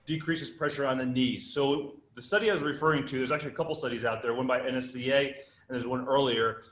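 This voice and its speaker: A man's voice: medium pitch, steady tone, fast, fairly bright tone, reverberant, slight background noise. A man giving a live workshop lecture at a fitness conference, emphatic and teaching with rhetorical questions.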